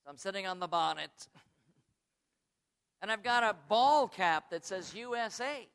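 A man preaching a sermon, swinging from quiet asides to loud, high, drawn-out emphasis, who says he is from the United States. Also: expressive, creaky, clear, resonant tone.

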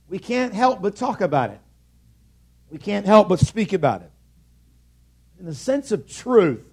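A man's voice: high-pitched, darkish tone. Conversational man preaching a sermon. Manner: conversational, with restarts and asides to the congregation. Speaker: pastor.

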